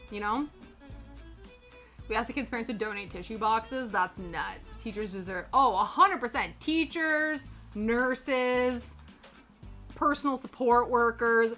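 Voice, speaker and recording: A woman from Canada chatting casually with her live chat while stitching, animated and quick to laugh. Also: on the high side, soft background music. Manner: chatty, animated, laughs often, greets viewers by name. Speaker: streamer.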